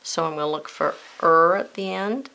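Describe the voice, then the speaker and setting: Woman, teacher, gravelly fry, spells letter by letter, patient, talks to kids. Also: fairly low pitch, moderate pace, pushed and bright. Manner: patient step-by-step instructions, spelling words letter by letter; addresses young learners directly with friendly checks. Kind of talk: recorded spelling lesson.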